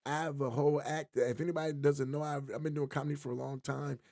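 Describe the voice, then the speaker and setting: A man's voice: fairly high pitch, fast talker, creaky. A man co-hosting a podcast, chatting casually and telling jokey stories with lots of energy. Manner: animated, joking storyteller. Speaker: podcast co-host. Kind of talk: casual chat.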